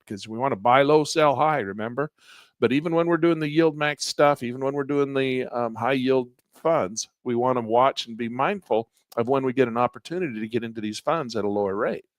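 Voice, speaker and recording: A man's voice: medium pitch, dry recording. Man teaching with a fading voice. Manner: conversational, explains step by step, frequently clears throat. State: losing his voice. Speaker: trading instructor. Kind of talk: live online class walking through charting software.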